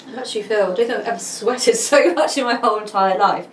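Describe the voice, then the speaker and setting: A woman's voice: mid-range voice, fast talker. A woman, a client, chatting casually over a video call and speaking hesitantly as she searches for her words. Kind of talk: casual chat. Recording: distant, echoey, noisy call.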